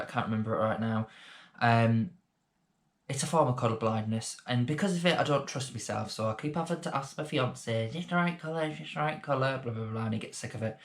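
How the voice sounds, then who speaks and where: A male beauty vlogger talks casually through a beginner makeup tutorial, rambling and poking fun at himself along the way. His voice is mid-range with a fairly bright tone.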